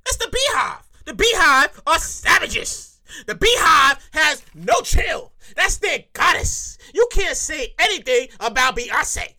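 A woman performing a comic monologue from her own script, animated, repeating lines for emphasis and laughing at her own jokes. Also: high-pitched, measured pace, hardly any pauses. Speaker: comedic monologuist.

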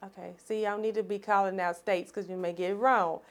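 A woman, a podcast guest telling her story in an animated, expressive way and laughing often. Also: mid-range voice, quick pace. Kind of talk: storytelling in conversation.

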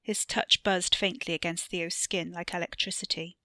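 A woman narrates her own serialized story in a steady, measured way. Her voice sits a little low but sounds bright and crisp, recorded very close and dry. Each sentence is delivered with calm control. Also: dry recording. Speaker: podcast author and narrator. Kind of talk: audiobook-style fiction narration.

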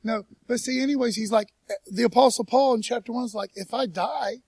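Male pastor, high-pitched, relaxed folksy sermon delivery, dry recording. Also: fast, creaky, breathy edge, no echo. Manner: folksy, peppered with "man" and "you know". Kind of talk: casual conversational sermon. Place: church.

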